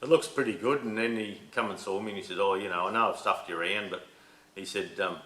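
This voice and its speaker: A man's voice: fairly low pitch, quick pace, a bit bright, reverberant, low-quality recording. A middle-aged Australian man telling a rambling, laid-back story in casual chat, swearing now and then. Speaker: podcast host. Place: shed.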